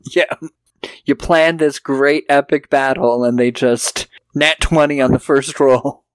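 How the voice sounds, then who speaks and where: A man's voice: medium pitch, steady tone, unhurried, smooth, no room sound. A man co-hosting a casual film review podcast, swearing freely and acting out characters' lines as he recaps. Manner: profane, jokey, acts out characters' lines. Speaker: podcast co-host.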